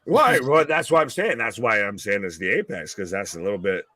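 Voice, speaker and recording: A man co-hosting a casual live wrestling commentary stream, excitable and swearing freely. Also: on the low side, fairly quick, dry recording. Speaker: co-host.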